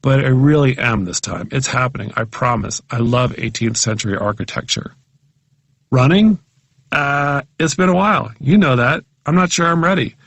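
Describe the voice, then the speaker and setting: A man's voice: mid-range voice, moderate pace, a bit bright, dry recording. A man reading humorous personal essays aloud as an audiobook, in a wry, self-mocking, conversational way.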